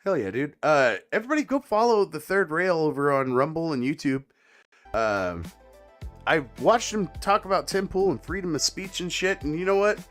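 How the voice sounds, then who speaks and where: A man's voice: a little high, lively intonation, normal speed, a bit bright, soft background music. Laid-back swearing man hosting a late-night chat. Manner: laid-back, swears a lot, laughs often. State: a little high and tired. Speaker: podcast host. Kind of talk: casual late-night chat reacting to clips.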